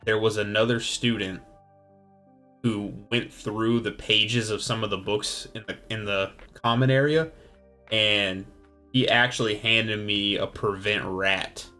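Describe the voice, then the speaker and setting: A man voicing a quiet young female student who speaks in a hushed, confiding way. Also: lowish voice, fairly even intonation, unhurried, faint music behind.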